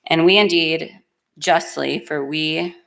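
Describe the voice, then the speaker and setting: A woman's voice: deep voice, steady tone, slow, gravelly, a bit bright. A middle-aged woman preaching in a church, reading scripture aloud and speaking in an earnest, emotional, plainspoken way.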